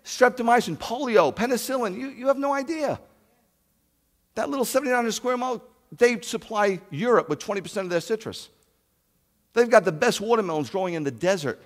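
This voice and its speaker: A rabbi preaches to his congregation in a lively, rising and falling voice, full of rhetorical questions. He booms out scripture passages and sits a little high in pitch. The sound carries the long reverb of a big hall. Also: a little fast. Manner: animated, rhetorical questions, loud scripture reading. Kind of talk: sermon. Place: congregation sanctuary.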